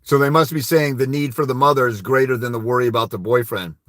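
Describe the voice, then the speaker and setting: A man's voice: medium pitch, steady tone, quick pace, a bit bright, no room sound, studio quality. A man hosting a live advice stream, speaking bluntly and emphatically, urging listeners to confront the court. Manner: mimics timid speakers with mumbling "wah wah". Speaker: host giving legal advice.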